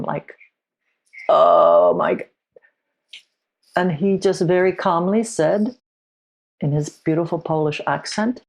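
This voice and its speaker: A middle-aged woman who is a podcast guest, telling a personal story in a reflective, halting way with frequent restarts. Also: sits low, animated.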